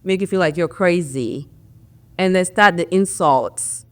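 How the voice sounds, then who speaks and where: A woman's voice: fairly low pitch, measured pace. A woman hosting a podcast interview, talking casually with lots of "like" and "you know" fillers, encouraging her listeners. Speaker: podcast host.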